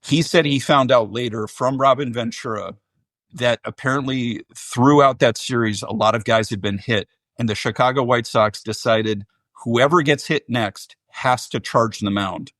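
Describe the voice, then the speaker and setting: A middle-aged man speaks as a podcast guest in an earnest, reflective way, often restarting his sentences. His voice sits at an ordinary mid pitch, recorded close and dry. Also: normal speed, a bit bright, no echo. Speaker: guest, baseball general manager. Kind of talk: podcast interview.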